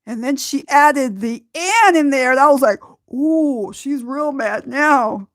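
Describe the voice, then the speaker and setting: A woman from Southern California hosting a podcast, telling a personal story slowly and from the heart, often breaking into laughter. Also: high voice, no room sound, clean studio sound. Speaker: podcast host.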